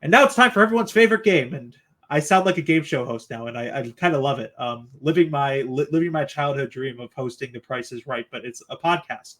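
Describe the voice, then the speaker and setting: A man's voice: medium pitch, brisk. A man hosting a sports podcast, chatting casually and asking his co-hosts for predictions. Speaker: podcast host.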